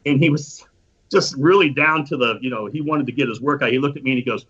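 A man casually telling an animated, profane anecdote and acting out the quotes. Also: mid-range voice, fast, breathy edge. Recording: dull lo-fi recording.

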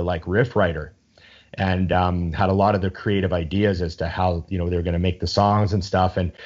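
A man's voice: low voice, highs cut off. A man in casual chat, rambling with enthusiasm and swearing freely as he talks.

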